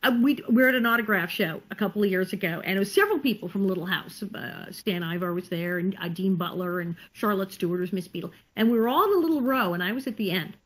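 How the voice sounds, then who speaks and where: A woman actress chatting in an interview over a video call, telling animated stories with laughter. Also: medium pitch, fast talker, few pauses, husky, rough recording. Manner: animated, laughing, acts out quotes. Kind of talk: casual storytelling interview.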